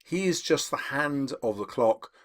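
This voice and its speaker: Lively man explaining a poem. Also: mid-range voice. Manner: lively, emphatic, slows down to read quotations. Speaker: English teacher. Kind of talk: explaining poetry analysis to students.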